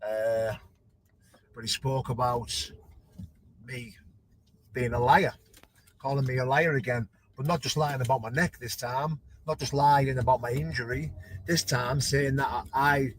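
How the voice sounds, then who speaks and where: A man's voice: mid-range voice, steady tone, a little slow, low-quality recording. Male boxer, defensive callout, faint background noise. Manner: aggrieved, defensive, repeats "mate". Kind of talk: callout video.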